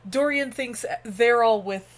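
A woman co-hosting a podcast, chatting about a movie in a lively, blunt way, laughing often. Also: on the high side, unhurried. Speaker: podcast co-host. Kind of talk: casual movie recap chat.

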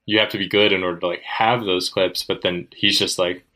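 Deep-voiced young man rambling on a podcast. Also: steady tone, a little fast, bright, forceful tone. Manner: rambling, heavy on "like" fillers. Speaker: podcast co-host. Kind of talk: casual podcast chat.

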